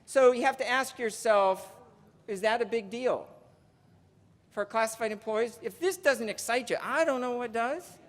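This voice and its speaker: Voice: medium pitch, normal speed. A union legislative presenter giving a chatty conference speech, reading out donor names and counting down. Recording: long reverb of a large hall.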